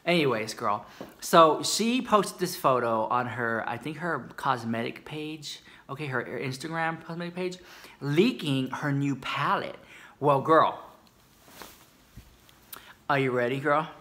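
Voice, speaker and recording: A man's voice: medium pitch, expressive, measured pace, sharp tone. A man gossiping sassily to camera about beauty news, chatty and dramatic, calling the viewer girl. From United States. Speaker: beauty commentary YouTuber. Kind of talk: casual gossip commentary to camera.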